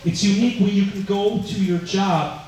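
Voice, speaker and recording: Guy giving a speech at a fire training center, high voice, tells stories and does the voices, super echoey hall, sounds far from the mic. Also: steady tone, normal speed, a little mellow, a little hiss or hum. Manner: storytelling, acting out voices in quotes. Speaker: firefighter giving a dedication speech. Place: large indoor room at a fire training center.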